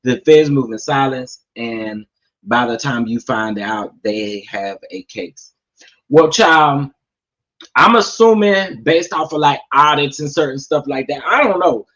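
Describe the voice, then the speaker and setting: A man doing casual gossip commentary, sassy and animated, talking straight to his viewers. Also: mid-range voice, a little slow, dull audio. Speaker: commentary vlogger.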